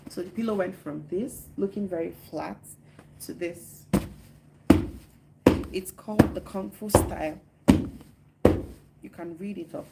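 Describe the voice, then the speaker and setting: A Nigerian woman with a Nigerian English accent chats casually on a phone live stream from her living room, teasing viewers and reading out and answering their comments. Her voice is fairly low, slow and gravelly, with frequent pauses. Heavy background noise is present.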